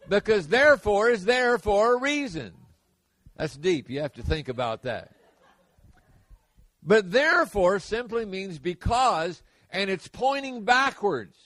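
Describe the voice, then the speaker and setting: A man preaching a sermon, emphatic, repeating key words and building to forceful peaks. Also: sits high, no echo.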